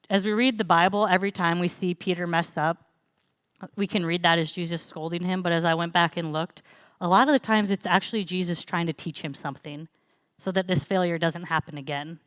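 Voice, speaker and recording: A woman's voice: lowish voice, no echo. A young woman preaching in church, telling a personal story in a conversational way with frequent fillers. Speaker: pastor. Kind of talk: sermon.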